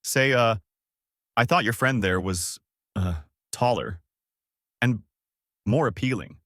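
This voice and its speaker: A man's voice: mid-range voice, slow pace, a bit bright, no echo, clean studio sound. A man voicing a lecherous, playful old male martial arts master with a drawling, hesitant delivery.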